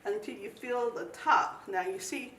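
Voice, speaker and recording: A woman's voice: a little high, a little slow, heavy background noise. A woman from eastern North Carolina, demonstrating a recipe in a folksy, instructive way. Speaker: home cook demonstrating a recipe. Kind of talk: cooking demonstration. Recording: echoey kitchen, mic at a distance.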